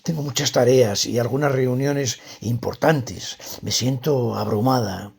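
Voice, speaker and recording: A man's voice: mid-range voice, moderate pace, gravelly, a little mellow, slightly rough. A man reading a scripted dialogue as a tired, stressed woman who opens up to a friend. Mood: weary.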